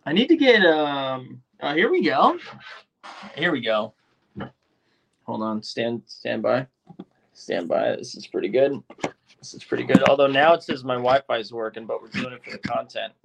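Young male streamer, casual and restless, gravelly voice with a lively pitch. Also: normal speed. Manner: frustrated, restless, talks straight to the chat. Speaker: livestream host. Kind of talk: casual livestream chat.

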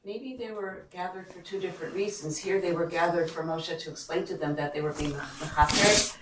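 A woman's voice: lowish voice, a little fast, noisy background. A woman taking part in a class discussion, offering a thought hesitantly with fillers. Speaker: class participant. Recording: distant and echoey room pickup.

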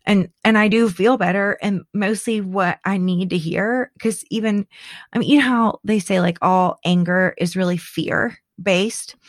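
A woman's voice: medium pitch, unhurried, dry recording. Chatty laughing middle-aged woman, dry sound. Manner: animated, chatty, laughs often, many restarts. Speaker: podcast co-host. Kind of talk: casual chat.

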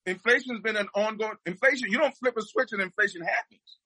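A man's voice: high voice, brisk, bright, forceful tone, slightly rough, no echo, poor audio. A man speaking as a guest, giving impassioned political commentary and repeating his points for emphasis.

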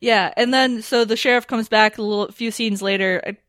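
Animated woman recapping a show, dry sound. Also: fairly high pitch, brisk, no echo. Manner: animated recapping, laughs often. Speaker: podcast host. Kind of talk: casual chat.

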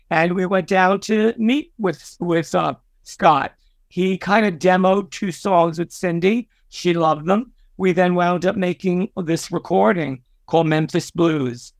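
Older new guy rambling through stories, kinda high voice, dry close sound. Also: vocal fry, dry recording. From Brooklyn, New York. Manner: chatty, warm-hearted, many fillers and restarts. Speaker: podcast guest, record executive. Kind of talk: storytelling interview.

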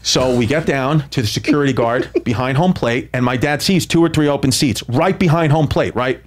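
A man's voice: mid-range voice, a little fast. A man telling a story casually on a podcast, swearing often and laughing as he talks. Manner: profane, laughing through his story.

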